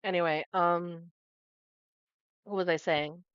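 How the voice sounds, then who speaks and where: A woman's voice: lowish voice, steady tone, slow pace, smooth, dry recording, dull audio. A young woman talking casually while she plays a game, rambling, getting distracted and restarting her thoughts. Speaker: gaming streamer. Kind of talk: casual commentary while playing.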